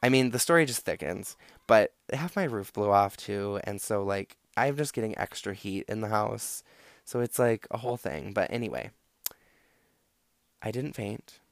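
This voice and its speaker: A man's voice: on the low side, expressive, moderate pace, no echo. A young man hosting a podcast, telling a long casual story in a rambling, profane way full of fillers. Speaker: podcast host.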